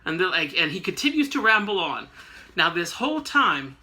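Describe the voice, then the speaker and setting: A man's voice: high-pitched, sing-song, moderate pace, sharp tone. A man hosting a casual comic book recap, rambling and joking with lots of fillers. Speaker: host.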